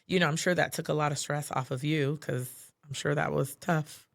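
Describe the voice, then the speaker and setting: A woman's voice: low voice, steady tone, moderate pace, gravelly, no room sound. A woman co-hosting a podcast, telling personal stories in a chatty, heartfelt way, full of "like" and "you know". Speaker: podcast co-host. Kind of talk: casual podcast chat.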